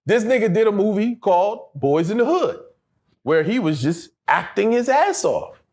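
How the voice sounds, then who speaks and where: A middle-aged man talks through a casual interview, loose and profane, and keeps breaking into the voices of the people in his stories. His voice sits high for a man and leaps up and down with a lot of life. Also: moderate pace. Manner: animated, profane, acts out voices in quotes, laughs often. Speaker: actor, interview guest.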